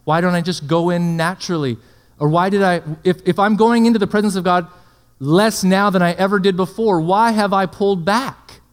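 A high-pitched male preacher delivers a sermon. He strings rhetorical questions together and keeps checking that his listeners follow. His voice rings out with long reverb, as in a large hall. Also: fairly even intonation, normal speed, hardly any pauses.

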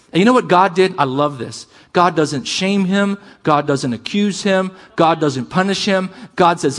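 A middle-aged male pastor delivers a lively sermon, rising to loud emphatic peaks and dropping to quieter asides. His voice sits a little high for a man. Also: measured pace, few pauses.

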